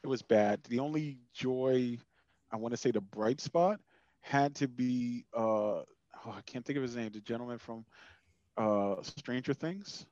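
A man co-hosting a casual podcast chat, talking in an animated way and jumping his pitch for quoted asides. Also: a little slow, dry recording, dull audio. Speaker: podcast co-host.

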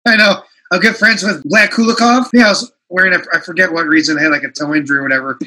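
A man's voice: high-pitched, fast, pushed and bright, poor audio. A man hosting a casual interview, who runs his own grappling school and reacts eagerly to his guest. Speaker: host, jiu-jitsu school owner.

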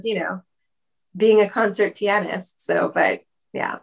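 A woman's voice: mid-range voice, lively intonation, slow pace, gravelly, pauses often, a bit bright. A woman guest speaking in a casual interview, chatty, with many fillers and frequent laughter. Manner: chatty, lots of "like" and "um", laughs often. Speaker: musician guest. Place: video call.

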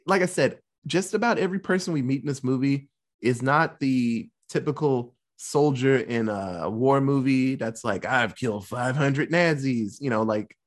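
A man casually retelling a war film's plot, swearing freely and jokingly acting out the characters' lines. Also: medium pitch. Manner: profane, jokey, animated retelling with put-on quotes. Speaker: podcast co-host recapping a film. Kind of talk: casual chat.

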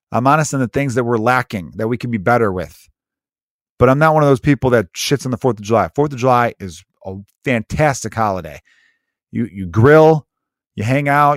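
A man's voice: mid-range voice, dry recording, studio quality. Profane, rambling man in his thirties. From United States. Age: 30s. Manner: rambling, profane, sarcastic storytelling. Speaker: podcast host. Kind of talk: casual comedic monologue.

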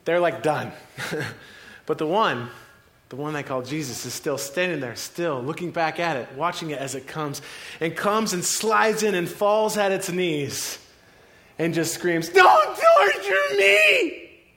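High-voiced preacher telling a story. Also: male voice, a bit bright. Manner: vivid, cinematic retelling with dramatic pauses. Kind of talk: dramatic sermon storytelling.

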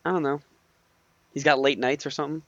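A man co-hosting a relaxed movie chat, retelling scenes and laughing often as he talks. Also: on the high side, fairly quick, dry recording, highs cut off. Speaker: podcast co-host.

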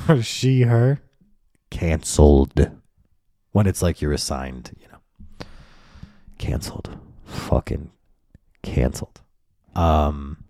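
A man rants on his own podcast in a deep, mellow voice, cursing freely and mimicking people he can't stand. His delivery is sardonic and loose. The sound is close and dry, with no room behind it. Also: dry recording. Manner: profane, sardonic, mocking voices of others. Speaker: podcast host. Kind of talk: solo comedic rant.

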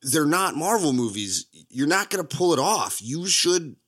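Guy on a movie podcast, laughs a lot, voice shoots way up when he gets worked up. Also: normal speed. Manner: animated, laughs often, pitch jumps high for emphasis. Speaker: podcast co-host. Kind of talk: casual movie chat.

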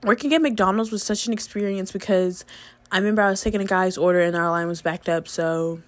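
A woman vlogger talking fast in a blunt, profane casual rant. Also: mid-range voice, fairly even intonation, dry recording. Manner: blunt, heavy swearing. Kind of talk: casual ranting monologue.

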